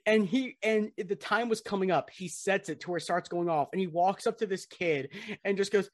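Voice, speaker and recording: A man's voice: high-pitched, a little fast, fairly bright tone, no echo, studio quality. A young man co-hosting a podcast, telling stories in a rambling, swearing, laugh-filled way. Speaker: podcast co-host. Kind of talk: casual podcast chat.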